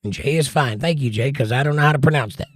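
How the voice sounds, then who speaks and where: A man's voice: medium pitch, quick pace, no echo, clean studio sound. A middle-aged man hosting a live stream, reading viewer comments aloud with wry, teasing banter. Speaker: livestream host reading chat. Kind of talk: casual live-stream chat.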